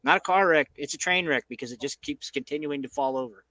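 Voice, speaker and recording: A man's voice: fairly high pitch, fast talker, sharp tone, no echo, poor audio. A man hosting a casual chat, rambling and profane in laid-back banter. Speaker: host.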